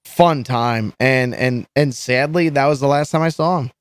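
A man's voice: mid-range voice, moderate pace, no echo. A man telling stories as a podcast guest, rambling and swearing with many restarts. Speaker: guest musician. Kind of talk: casual storytelling chat.

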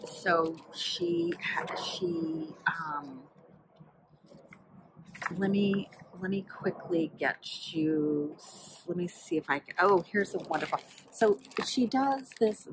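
A woman with a low voice talks slowly through a casual book review. She rambles and leaves many pauses filled with "um" while she flips through pages to find examples. A faint hum of room noise sits under her voice. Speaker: book vlogger.

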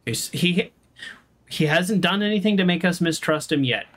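A game streamer giving heated, animated commentary during a playthrough, ranting and arguing points out loud. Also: mid-range voice, normal speed. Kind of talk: let's play commentary.

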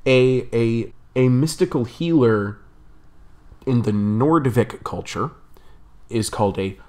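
A man's voice: medium pitch, takes it slowly, a little mellow. A young man telling a rambling story on his vlog, chatty and laughing often. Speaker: vlogger.

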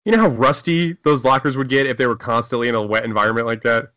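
Man, casual movie riff commentary, bright forceful voice, dry close sound, jokey. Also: mid-range voice, fast, dry recording. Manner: jokey, puts on silly quoted voices, laughs often.

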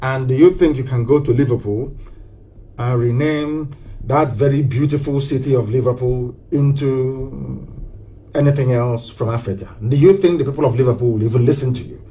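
A man's voice: mid-range voice, normal speed, mellow, a little hiss or hum. A man giving a live broadcast speech as a political activist, impassioned and preachy, hammering home rhetorical questions and repetitions. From southeastern Nigeria.

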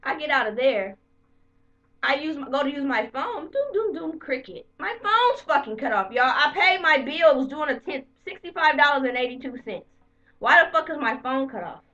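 A woman vlogger telling the story of her bad day to camera in a heated, profane, animated way. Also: high-pitched, normal speed, recorded from a distance, highs cut off. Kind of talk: casual storytelling rant to camera.

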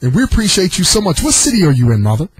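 A man's voice: high voice, very animated, very fast, breathy edge. A man hosting a radio talk show, interviewing a caller in a friendly, affirming way. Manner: friendly, affirming, says "I know that's right". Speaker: radio host.

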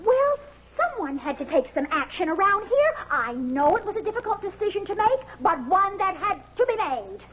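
A flustered prim secretary. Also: female voice, very high-pitched, sing-song, moderate pace, hardly any pauses, fairly bright tone, muffled recording, slight background noise, heavily acted. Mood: fretful. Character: fussy devoted middle-aged secretary. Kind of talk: 1980s sitcom acting.

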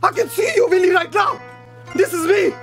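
A man playing a loud, vain, bossy shop boss, shouting and scolding his staff in a comedy sketch. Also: extremely high pitch, brisk. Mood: bragging. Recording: music playing behind the voice.

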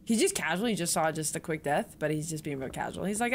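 A woman's voice: low voice, animated, quick pace, hardly any pauses, a little hiss or hum. A young woman streaming a horror game, chatting bluntly and reacting as she plays. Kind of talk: let's play commentary.

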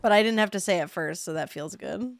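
A young adult woman with a lowish, creaky voice talks briskly in a recording with no echo. Streaming a farming game, she keeps up chatty, sarcastic let's-play banter with chat, throws in the occasional swear, and yelps when things get panicky.

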